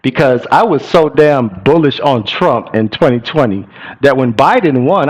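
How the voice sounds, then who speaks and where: A man's voice: medium pitch, moderate pace. Profane, blunt young man riffing on markets. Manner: profane, blunt and animated, slangy with "bro" and "y'all". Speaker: crypto channel host. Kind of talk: casual market commentary to viewers.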